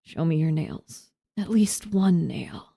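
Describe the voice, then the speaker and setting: Lady doing a freaky croaky whisper guy behind a locked door, slow and pleading, low-ish. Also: animated, mellow, dry recording, clean studio sound, heavily acted. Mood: eerie whisper. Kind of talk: game dialogue read-aloud.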